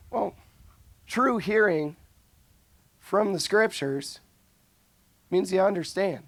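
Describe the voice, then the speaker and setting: A young religious speaker's high-pitched voice comes through a dry recording as he gives an animated, informal talk on scripture at a slow pace, pausing often. He is earnest, restarting sentences frequently and using many fillers.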